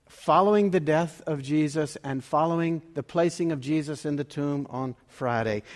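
A man's voice: a little high, a little mellow. A man preaching as a pastor, reading scripture and telling a story in an earnest sermon. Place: church. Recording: long reverb of a church hall.

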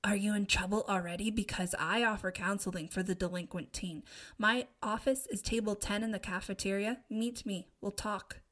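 A woman voicing a cocky teenage boy who teases in a quick, loud whisper in a storybook reading. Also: medium pitch, fairly even intonation, lightly acted. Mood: teasing. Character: cocky teenage boy, teasing class clown.

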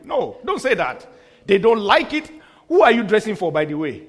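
A man delivers a sermon as pastor, his voice sitting fairly high for a man. He hammers home repeated refrains with emphasis. Now and then he slips in humorous asides. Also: very animated, brisk, a bit bright.

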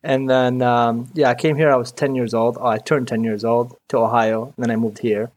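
A man's voice: mid-range voice, flat delivery, normal speed. A young man from Iraq, a mechanic guest chatting casually in an interview, rambling and peppering his talk with "dude" and "you know".

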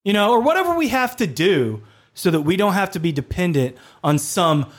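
A man's voice: high voice, very animated, brisk. A man co-hosting a casual podcast, ranting bluntly and swearing freely. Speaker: podcast co-host.

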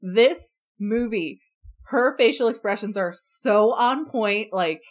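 A woman's voice: medium pitch, slow pace. A woman in casual movie chat, laughing a lot and mimicking characters' reactions.

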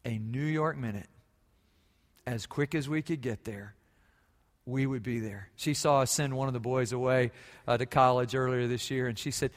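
A man preaching a sermon, moving from hushed stories to loud, fervent preaching. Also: mid-range voice, steady tone, normal speed. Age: 40s. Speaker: pastor. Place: church sanctuary. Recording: long reverb of a large church hall.

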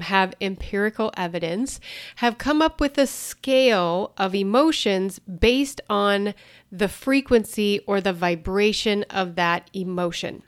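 Slow, smooth-voiced woman explaining. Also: medium pitch, no echo, clean studio sound. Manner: earnest, explains with examples, laughs lightly. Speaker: law of attraction teacher. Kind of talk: explanatory talk to camera.

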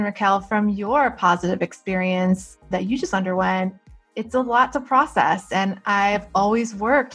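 A woman's voice: medium pitch, fairly bright tone. Woman co-host, open and heartfelt, mid-range voice, casual confiding chat. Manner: candid, openly emotional, laughs while talking. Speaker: podcast co-host.

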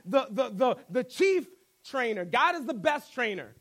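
A man with a very high voice preaches a sermon. His delivery is animated and conversational, and he slips in jokes between his points. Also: unhurried. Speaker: pastor.

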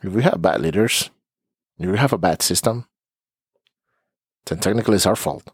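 Low-ish guy voice, dry close sound, earnest therapist podcast host, kinda emotional, repeats himself a lot. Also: normal speed, husky, no echo. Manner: earnest, emotional, repeats words while searching for them. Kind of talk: heartfelt podcast monologue.

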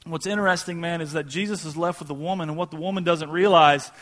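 A pastor preaching a sermon in a casual, conversational way, acting out quoted voices. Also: male voice, fairly high pitch, steady tone, fast, fairly bright tone.

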